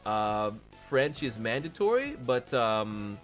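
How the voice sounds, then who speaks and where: A man, a voice actor, hosting a casual live stream and answering viewer messages, chatty and animated. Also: mid-range voice, slow pace, few pauses, faint music behind. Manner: chatty and animated, often laughing.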